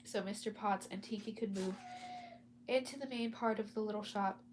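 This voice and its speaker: A woman's voice: medium pitch, moderate pace, a little hiss or hum. Chatty woman reading a novel aloud. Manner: chatty asides, stumbles and self-corrections. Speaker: storyteller. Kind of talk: casual read-aloud of a novel.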